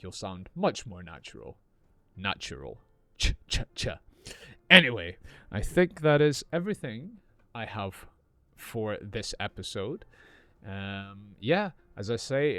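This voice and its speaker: A man teaching English in an unscripted podcast, explaining slowly and clearly as he improvises. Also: on the low side, sharp tone, dry recording.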